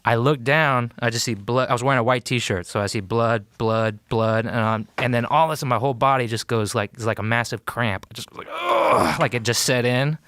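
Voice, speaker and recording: A man's voice: medium pitch, fairly even intonation, brisk, few pauses, a bit bright, clear, resonant tone, no room sound, clean studio sound. An American man, a podcast guest, telling a story in casual talk, acting out quotes and using many fillers. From United States. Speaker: podcast guest, war veteran.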